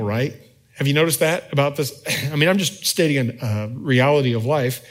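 A man preaching a sermon in a conversational way, often checking in with the congregation with quick asides. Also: medium pitch. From United States. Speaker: pastor.

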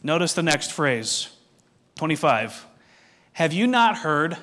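Higher-voiced man preaching a sermon. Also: sing-song, fairly bright tone. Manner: reads scripture aloud, then explains it; measured, asks the listeners direct questions. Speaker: pastor.

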